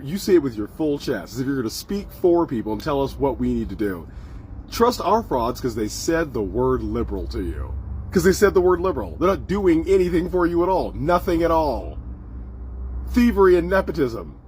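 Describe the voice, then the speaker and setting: A man's voice: fairly high pitch, a little mellow, a little hiss or hum. A man hosting a commentary video, ranting with mocking, repeated rhetorical questions and swearing. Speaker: host.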